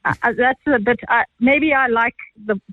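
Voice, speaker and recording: A woman with a South African accent, an art auctioneer guest telling lively, chatty anecdotes quickly in a phone interview. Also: fairly high pitch, no room sound. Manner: fast-talking, chatty, animated. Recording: tinny phone line, dry.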